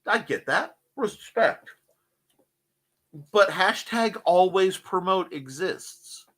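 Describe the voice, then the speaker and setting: A man's voice: high-pitched, animated, takes it slowly, a bit bright. A man hosting a casual morning show, joking, rambling and reading out chat messages. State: cold.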